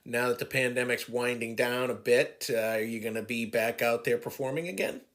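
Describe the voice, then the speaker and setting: A man from New England hosting a podcast interview, asking questions in a measured, unhurried way. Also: mid-range voice, fairly even intonation, a bit bright. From New England, USA. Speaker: podcast host.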